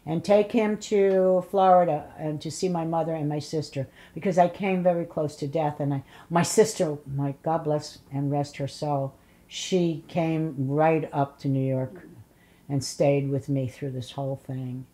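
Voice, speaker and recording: Lowish-voiced older woman telling blunt stories. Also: steady tone, measured pace, dark tone. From Polish immigrant family. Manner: blunt storyteller, acts out voices and curses. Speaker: interviewee. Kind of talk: oral history interview.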